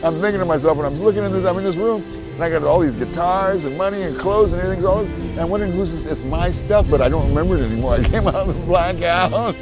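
An older man from New York City tells a rambling life story in an excitable way, with high jumps in pitch and frequent laughter. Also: rapid-fire, low-quality recording. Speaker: street artist telling his life story. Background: loud music.

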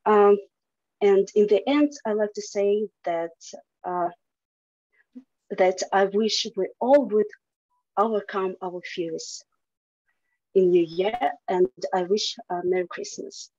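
A young woman student reads a story aloud and adds short closing remarks, careful and measured. She speaks slowly. The sound is dry and muffled, lo-fi. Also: mid-range voice, steady tone, a little mellow, no echo. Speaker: student presenter. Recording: dull lo-fi sound.

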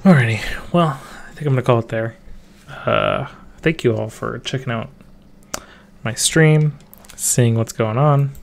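A man streaming a game live, chatting casually in a relaxed, self-deprecating way and mumbling to himself. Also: mid-range voice, a little slow, vocal fry, pauses often.

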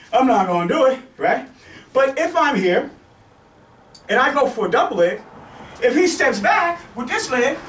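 Male self-defense instructor, very high voice, repetitive check-ins while demonstrating; echoey space, distant mic. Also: a bit bright, a little hiss or hum. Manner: repetitive, checks in with "okay?" and "right?"; demonstrating moves on a partner. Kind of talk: teaching demonstration. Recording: echoey room, mic far off.

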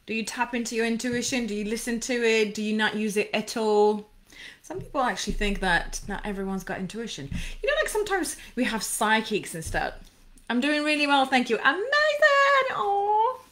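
Her medium-pitched voice has a fairly bright tone. She's an anxiety coach on a casual live stream, effusive and bubbly, rambling through lots of fillers as she responds to viewers' comments.

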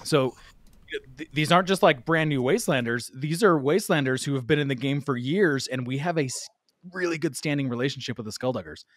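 A man spins a long anecdote in casual podcast conversation, acting out each quoted line and laughing as he goes. His voice sits at an ordinary middle pitch. The sound is dry and close. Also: a little fast, no echo. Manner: animated, laughs while telling, acts out quoted lines. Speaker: podcast guest storyteller. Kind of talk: casual storytelling chat.

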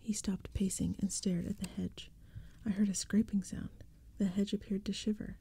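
A woman reading a spooky children's story in a soft, breathy whispered role-play, close to the mic. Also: mid-range voice, flat delivery, normal speed. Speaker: ASMR storyteller.

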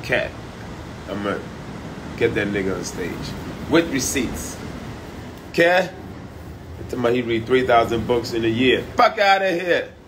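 A man's voice: fairly even intonation, moderate pace, pauses often, background noise. Brash, mocking male comedian ranting. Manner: brash and mocking, with sudden loud high outbursts. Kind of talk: profane comedic rant to camera.

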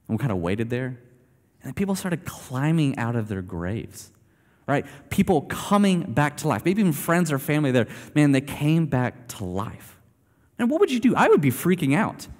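A man's voice: fairly high pitch, very animated, a little fast, a little mellow. Male pastor, easygoing conversational sermon delivery, reverberant sanctuary sound. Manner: casual, conversational preaching with many fillers. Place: church sanctuary. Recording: long hall reverb.

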